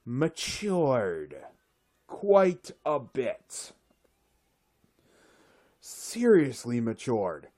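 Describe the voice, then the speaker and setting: An exasperated speaker rants slowly and sarcastically. The voice is mellow and relaxed, and its pitch moves in a lively way. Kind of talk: solo rant.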